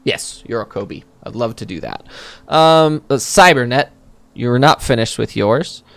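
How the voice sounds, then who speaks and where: A man's voice: medium pitch, lively intonation, normal speed, creaky, a bit bright. A man answering viewer questions as a game master in casual chat. He thinks aloud, restarts his sentences, and explains with examples from his own campaign.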